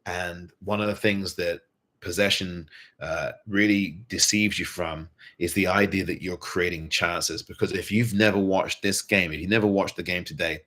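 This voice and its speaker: A man's voice: low-pitched, fairly even intonation, moderate pace, pushed and bright. A man hosting a fan show, giving earnest post-match commentary and repeating points for emphasis. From England.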